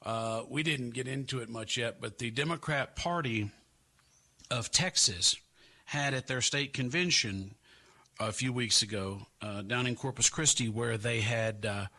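Gravelly-voiced sarcastic male talk host. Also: mid-range voice, unhurried, sharp tone. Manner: emphatic and sarcastic, with repetitions for stress. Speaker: political talk show host. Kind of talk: opinionated political commentary.

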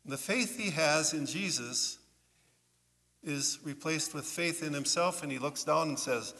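A man preaching as a pastor in a church, telling a story in an animated way and putting questions to his listeners. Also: a little high, unhurried, gravelly. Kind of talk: children's sermon storytelling. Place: church sanctuary. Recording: long church reverb.

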